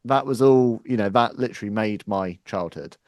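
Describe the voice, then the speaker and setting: Fairly low-voiced guy hosting an interview, earnest and thoughtful, dry close sound. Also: moderate pace, a little mellow, no room sound. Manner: earnest, reflective, leading questions. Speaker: interview host. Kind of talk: casual interview.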